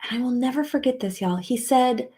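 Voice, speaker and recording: A middle-aged woman relationship coach giving a motivational talk, earnest and soft-spoken, dropping to whispers and rising to emphatic outbursts. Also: high-pitched, fairly quick.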